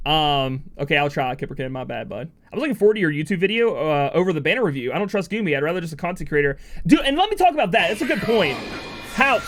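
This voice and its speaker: A man's voice: a little high, very animated, fast talker, soft background music. A man streaming a mobile game, chatting casually and reading his chat as he rambles emotionally and swears freely. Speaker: game streamer and content creator.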